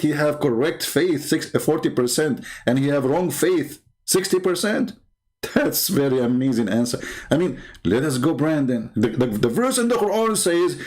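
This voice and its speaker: A man's voice: mid-range voice, a little mellow. A man hosting a commentary video, talking in a mocking monologue, laughing often and repeating phrases. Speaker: commentary host.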